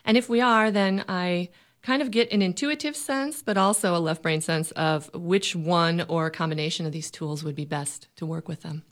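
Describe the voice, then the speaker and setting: A woman hypnotherapist being interviewed as a radio guest, calm and explanatory. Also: lowish voice, moderate pace.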